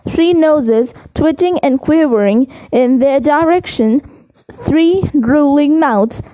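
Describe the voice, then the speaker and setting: A woman's voice: sits high, dark tone, no echo. A woman reading a novel aloud, sometimes stumbling and correcting words. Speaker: reader. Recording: muffled home recording.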